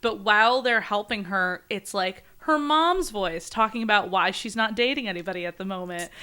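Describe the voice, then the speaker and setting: A young woman co-hosting a casual podcast, retelling a fanfic plot in an animated way and acting out the characters' lines. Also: medium pitch, normal speed, clean tone. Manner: animated storytelling, acts out lines with quotes. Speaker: podcast co-host.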